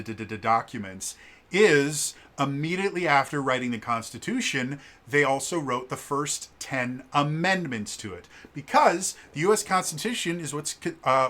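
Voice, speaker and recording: A man's voice: on the high side, pushed and bright. A man vlogging in a casual explainer style, chatty and stumbling over words with lots of restarts.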